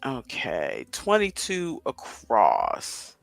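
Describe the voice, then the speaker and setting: A man's voice: mid-range voice, huge pitch swings, very slow, vocal fry, a bit bright, soft background music. A man in his fifties hosting a casual livestream, chatting to viewers and thinking aloud as he works through a crossword. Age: 50s. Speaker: livestream host. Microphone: headset with headphones.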